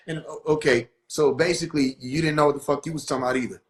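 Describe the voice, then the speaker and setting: A man with a fairly high-pitched voice talks casually on a livestream. He tells his story with animated energy, swears freely, laughs often and acts out the people he quotes. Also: quick pace, few pauses. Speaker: livestream host.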